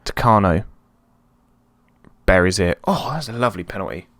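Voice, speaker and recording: At a moderate pace, a let's play host chats through his football management game in a relaxed way, bursting into excited yelps when things happen. He has a low, gravelly voice, recorded close and dry without any echo or room.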